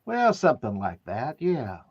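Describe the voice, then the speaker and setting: A man playing a tabletop game, explaining his moves in a hesitant, halting way. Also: mid-range voice, wildly swooping pitch, slightly rough, no room sound, dull audio. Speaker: player.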